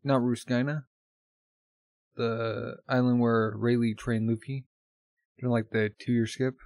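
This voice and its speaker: A man's voice: medium pitch, flat delivery, darkish tone, no echo. Chatty man reacting to a comic. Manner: chatty, filler-heavy, quick to laugh. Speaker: reaction video host. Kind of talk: casual reading and reaction commentary.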